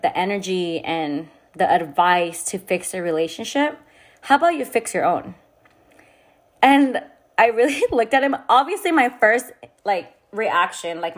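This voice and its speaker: A young woman speaking frankly and casually, as if confiding in friends. Her voice sits at an ordinary middle pitch, and her talk is loose and full of fillers. She tells her story with blunt, unfiltered candor. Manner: casual and frank, heavy swearing, filler-laden. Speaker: vlogger. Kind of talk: candid personal storytelling.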